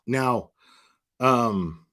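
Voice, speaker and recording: A man's voice: mid-range voice, a bit bright. Profane, rambling male streamer. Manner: crude and profane, rambling with repeated restarts. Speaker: channel host. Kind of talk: casual livestream commentary.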